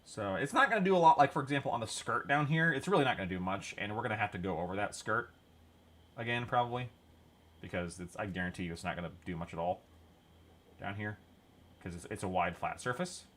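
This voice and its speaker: A man's voice: on the low side, fast, a bit bright. A man hosting a hobby stream, chatting casually and rambling with jokes while he paints miniatures. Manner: jokey, rambling, laughs at own jokes.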